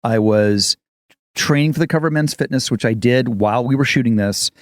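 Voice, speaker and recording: A man in his fifties, an actor co-hosting a podcast, chatting casually as an animated storyteller. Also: mid-range voice, a little fast, no echo, studio quality. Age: 50s. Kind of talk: casual chat.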